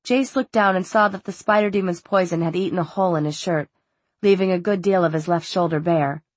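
Audiobook narrator: woman, husky, lowish voice, steady and measured reading. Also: no room sound. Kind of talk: scripted narration.

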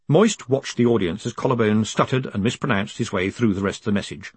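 A man narrating a comic fantasy audiobook with expressive, dryly witty delivery. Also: on the low side, brisk, hardly any pauses, slightly rough, no echo. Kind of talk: scripted narration.

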